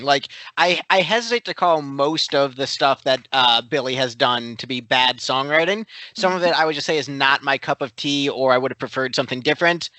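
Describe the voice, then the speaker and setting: A blunt man gives a critical take in casual chat. His voice is bright and fairly high, and it is recorded dry, close to the mic. He swears casually as he talks. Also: dry recording. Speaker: podcast co-host reviewing an album.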